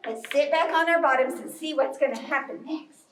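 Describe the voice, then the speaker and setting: A woman leading a live storytime yoga class for children in a library room, giving slow, encouraging instructions. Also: high voice. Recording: roomy, distant, faint noise.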